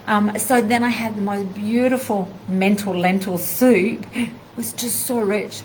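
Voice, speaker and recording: A woman, a spiritual teacher, telling a personal story in a live video, animated and heartfelt, acting out bits of dialogue. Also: mid-range voice, measured pace, a little hiss or hum, rough recording.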